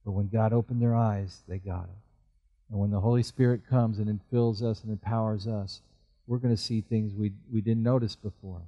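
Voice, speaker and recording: A man's voice: fairly even intonation, normal speed, warm tone, highs cut off. A man, middle-aged, preaching a sermon earnestly and voicing Bible figures as he goes. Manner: earnest, acts out Bible voices with rising pitch. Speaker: pastor.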